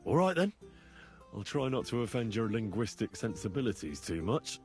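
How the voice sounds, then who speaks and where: A man's voice: fairly low pitch, very animated, moderate pace, soft background music. An actor playing an earnest, polite male pupil in a game who asks for lines to be repeated. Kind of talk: game voice acting.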